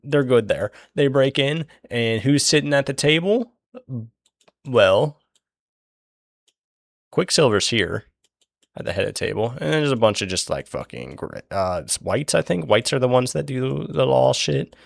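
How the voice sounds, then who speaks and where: A man's voice: mid-range voice, animated, measured pace, vocal fry, no echo, studio quality. A young man recapping a book in a casual, rambling way, swearing often and filling his talk with "like" and "um". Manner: rambling, profane, many fillers.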